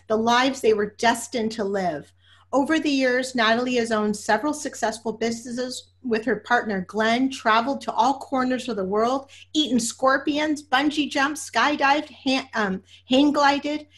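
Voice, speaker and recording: A woman hosting a podcast interview, effusive and emotional, talking with many fillers and restarts. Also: a little high. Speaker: podcast host. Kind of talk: casual interview introduction.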